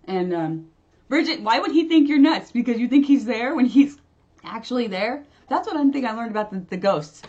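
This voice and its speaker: A woman's voice: a little high, lively intonation, normal speed, darkish tone, highs cut off. A woman spiritual medium chatting casually on a livestream, rambling, laughing often and restarting her sentences. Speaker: spiritual medium and channel host. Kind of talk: casual livestream chat answering viewers.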